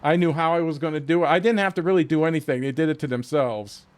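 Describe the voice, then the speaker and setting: A man streaming a game, telling a story in a profane, animated way and often laughing at it. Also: on the high side, fast. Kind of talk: casual storytelling while playing.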